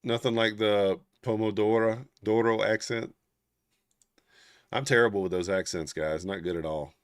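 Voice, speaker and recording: Low-voiced man murmuring trading commentary. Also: steady tone, moderate pace, no room sound, clean studio sound. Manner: thinking aloud, casual, murmured asides. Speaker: trading livestream host.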